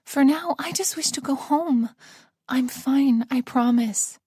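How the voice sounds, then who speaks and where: A woman's voice: high-pitched, slow pace, mellow, breathy edge, no room sound, clean studio sound, pitched above the performer's own voice, heavily acted. A woman narrator voicing a frail elderly woman who speaks weakly but insistently, in an audiobook. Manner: weak and insistent. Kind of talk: audiobook character voice.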